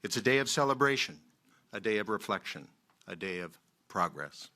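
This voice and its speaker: A man from Manitoba, a member of Parliament, giving a formal ceremonial speech in a measured, emphatic way with many pauses. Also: fairly low pitch, animated, sharp tone. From Manitoba, Canada.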